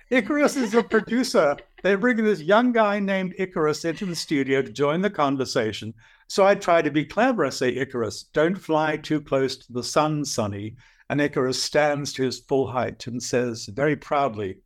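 An older man with an Australian accent, a guest telling animated stories and acting out voices. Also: mid-range voice, moderate pace. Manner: lively anecdotal storyteller, acts out voices. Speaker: guest, dream teacher. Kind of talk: animated storytelling.

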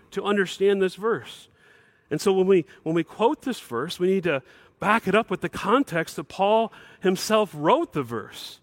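Middle-aged pastor guy preaching, kinda high voice, punchy emphatic delivery, dry close mic. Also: fairly bright tone, dry recording. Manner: emphatic preaching, rising to bursts of higher pitch. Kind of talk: sermon.

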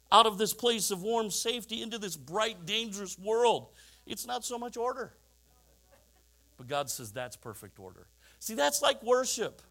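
A man's voice: high-pitched, a bit bright. A middle-aged man preaching a sermon, telling stories with chuckling asides and rhetorical questions to the congregation. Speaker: pastor.

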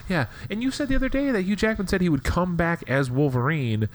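A man's voice: high-pitched, fairly quick, a little hiss or hum. A young man co-hosting a podcast in casual, profane banter, laughing often and swearing freely. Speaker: podcast co-host.

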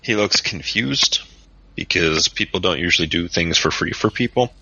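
A man's voice: low-pitched, moderate pace, pushed and bright, slightly rough, no room sound. A man narrating a tabletop game as game master, describing the scene casually with lots of fillers. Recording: dull lo-fi podcast audio.

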